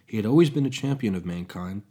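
A man, the podcast host, narrating a science-fiction story in a steady, measured reading. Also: on the low side, husky.

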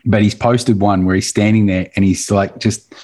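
A man co-hosts a casual podcast in a low, husky voice. He tells stories with enthusiasm and breaks into frequent chuckles. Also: steady tone, normal speed, warm tone, rough recording. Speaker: podcast co-host.

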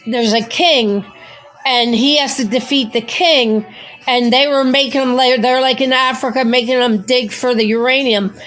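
A woman's voice: sits high, fairly even intonation, moderate pace, fairly bright tone, faint music behind. A woman calling in to a radio show, rambling a little unsurely. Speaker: caller. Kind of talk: casual call-in chat.

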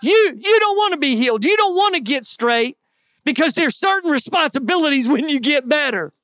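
A man's voice: very high voice, animated, brisk, bright, forceful tone, no room sound. Earnest man preaching, dry sound. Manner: earnest, conversational preaching with folksy asides. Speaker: pastor. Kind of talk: sermon.

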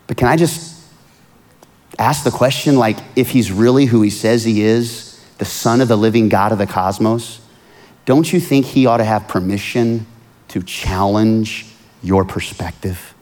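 A man preaching a sermon, swinging from hushed, earnest lines to loud pleading outbursts. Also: medium pitch, expressive, slow. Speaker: pastor.

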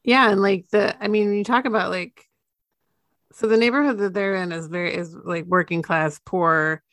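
A woman's voice: mid-range voice, fairly even intonation, moderate pace, fairly bright tone, no room sound. A woman co-hosting a podcast in casual chat about a TV series, wry and chatty, often laughing mid-sentence.

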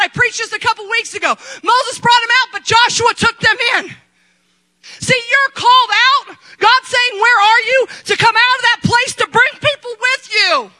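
Middle-aged lady pastor preaching, really high bright voice, gets loud then goes quiet. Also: poor audio. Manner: impassioned, swings between shouting and quiet asides. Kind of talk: sermon.

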